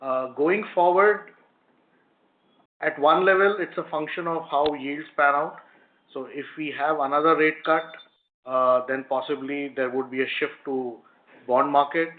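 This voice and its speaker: A man, a company executive, explaining answers to analysts on an earnings call, with many pauses and fillers. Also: a little high, fairly even intonation. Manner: hesitant, frequent fillers, explanatory. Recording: phone-line conference call audio.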